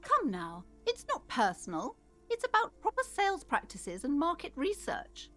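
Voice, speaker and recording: An actress voicing a proud, pushy middle-aged woman shopkeeper in a video game, high-pitched and bossy. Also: huge pitch swings, normal speed, fairly bright tone, faint music behind, exaggerated voice. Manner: bossy, salesy.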